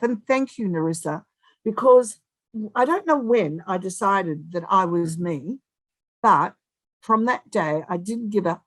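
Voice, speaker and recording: A woman in her seventies giving an animated, emphatic motivational speech, with big swings in loudness and long pauses. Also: mid-range voice, dry recording, low-quality recording. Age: 70s. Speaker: guest speaker.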